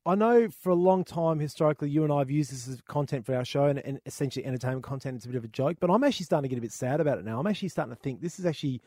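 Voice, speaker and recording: Aussie bloke on a gaming podcast, mellow voice, swears a lot, dry close sound. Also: male voice, a little high, racing, hardly any pauses, no echo. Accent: Australian. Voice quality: swears freely, exasperated ranting. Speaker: podcast co-host. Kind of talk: casual chat.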